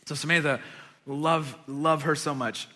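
A man in his thirties, a pastor giving a sermon, telling a family story and swinging from hushed asides to loud emphatic preaching. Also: on the high side, steady tone, unhurried. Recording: long reverb of a large hall.

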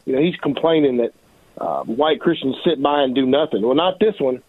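A man's voice: mid-range voice, expressive, brisk, husky, no echo. A man speaking as a lawyer guest in a radio interview, talking indignantly and emphatically, often repeating himself. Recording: tinny phone line.

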